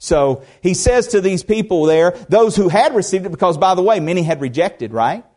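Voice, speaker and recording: Earnest preacher, rising and falling. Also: male voice, sits high, animated, moderate pace. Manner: earnest preaching that swings between emphatic rises and soft drops; conversational asides and rhetorical questions. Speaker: pastor. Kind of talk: expository sermon.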